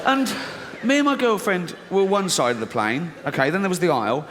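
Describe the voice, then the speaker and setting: A man's voice: sits high, huge pitch swings, fairly quick, noisy background. A man performing a brash stand-up comedy routine, swearing and laughing through his punchlines. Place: large theatre stage. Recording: roomy hall with loud audience ambience.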